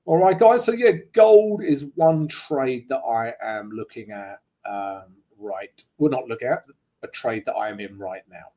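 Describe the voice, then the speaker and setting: A trading analyst with a dark-toned, medium-pitched voice and lively intonation walks viewers through his live market analysis at a measured pace. He's casual and chatty, often tagging lines with "right?" and joking along the way.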